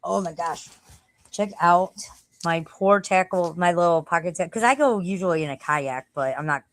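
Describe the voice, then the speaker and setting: A woman's voice: sits low, fairly bright tone, slight background noise, low-quality recording. A woman live streamer chatting casually from home, rambling and cursing freely.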